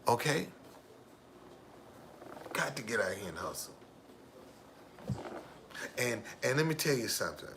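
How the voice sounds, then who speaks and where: A man's voice: mid-range voice, sing-song, a little slow, pauses often, a bit bright, slight background noise. A man telling his own life story in an emphatic way, repeating his key phrases for weight. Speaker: driver. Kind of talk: personal storytelling monologue.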